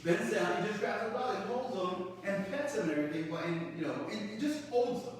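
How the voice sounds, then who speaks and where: A man on a podcast telling a lively story in a casual, animated way. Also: fairly quick. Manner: animated, acts out quotes in a loud high voice. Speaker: podcast co-host. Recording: echoey room, distant mic, faint noise.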